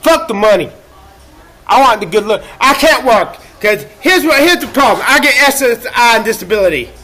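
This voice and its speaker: A man with a very high, sharp voice rants through a livestream, profane and erratic and full of self-pity. He breaks into shouts now and then. He is recording in a laundromat. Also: expressive, moderate pace. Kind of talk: ranting livestream monologue.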